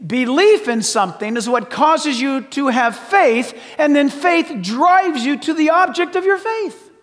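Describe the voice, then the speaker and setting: Emphatic high-voiced preacher man in a reverberant hall. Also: animated, a little slow. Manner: emphatic, shouting at times, then dropping to soft asides. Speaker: pastor. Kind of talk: sermon.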